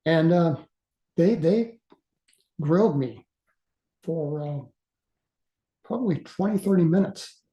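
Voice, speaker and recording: A man in his sixties tells his story as a guest speaker, earnest and halting, with frequent uhs and restarts. His voice is mellow and dark. It was recorded with a roomy echo around it. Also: fairly high pitch, lively intonation, muffled recording. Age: 60s. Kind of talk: casual storytelling.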